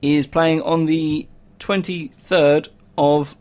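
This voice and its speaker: A man's voice: fairly high pitch, fairly even intonation, slow pace, darkish tone. A man co-hosting a casual chat show, talking hesitantly with many fillers. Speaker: co-host.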